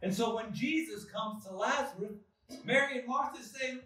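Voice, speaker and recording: High-ish male pastor preaching slow, big echo, sounds far from the mic. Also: pushed and bright. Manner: deliberate preaching with dramatic pauses and swells. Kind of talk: sermon. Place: church sanctuary. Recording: echoey church hall from far off.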